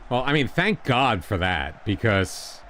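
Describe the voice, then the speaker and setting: An American man casually commentating while he streams a football management game and chats with viewers, rambling and excitable. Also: fairly low pitch, a little slow, a little hiss or hum. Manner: chatty, rambling, excitable during goals.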